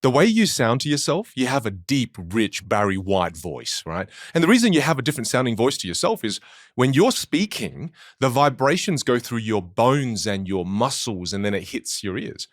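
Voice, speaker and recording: A man in casual podcast chat, explaining things in an animated way and acting out people's reactions. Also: medium pitch, normal speed, no room sound, studio quality.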